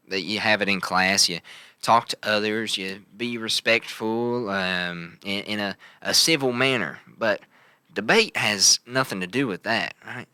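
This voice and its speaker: A man voicing a laid-back rural college guy who wears camo, talking slow and plain-spoken. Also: fairly low pitch, bright, forceful tone, clear, resonant tone, no echo.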